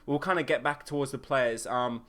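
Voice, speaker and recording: A young man hosting a solo football podcast, excitable and opinionated, with plenty of fillers. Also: medium pitch, normal speed. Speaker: podcast host. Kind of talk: solo football match review.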